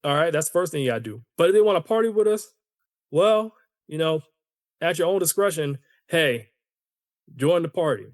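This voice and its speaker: Podcast host, male, a bit high-pitched, dry close sound, opinionated casual rant style. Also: normal speed, long pauses, dry recording. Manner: animated, opinionated ranting; conversational, addresses listeners as y'all. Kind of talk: solo podcast commentary.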